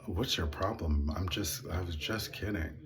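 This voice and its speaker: A man's voice: sits low, a little slow, a crowd in the background. A man imitating his dismissive, needling older father in an offhand, mocking tone.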